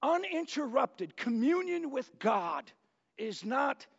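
A man preaching a sermon as pastor, in an unhurried storytelling manner that works in jokes. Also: very high-pitched, sing-song, vocal fry, husky. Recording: dull lo-fi church recording with long reverb.

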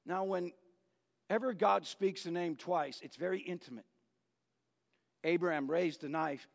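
A man preaching a sermon as pastor, in an unhurried storytelling manner that works in jokes. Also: high voice, creaky. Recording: dull lo-fi church recording with long reverb.

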